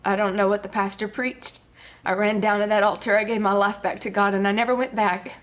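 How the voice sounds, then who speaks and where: A woman's voice: medium pitch, flat delivery, fairly quick. A woman, a guest giving an earnest personal testimony with many fillers. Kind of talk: personal testimony on a talk show.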